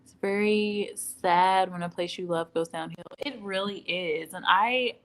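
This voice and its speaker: A woman originally from the Midwest hosts a laid-back livestream at home in Dallas, where she reads viewer comments and laughs while acting out quoted dialogue. Her voice sits on the low side and is a bit bright, her delivery a little slow, and the recording is low quality.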